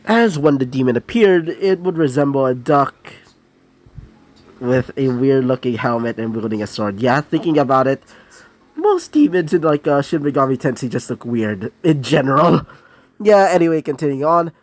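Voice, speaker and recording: Animated and medium-pitched at a normal speed, a young man spins an improvised fan-fiction tale in a loose, casual way. Fillers and side comments pile up, and he occasionally clears his throat.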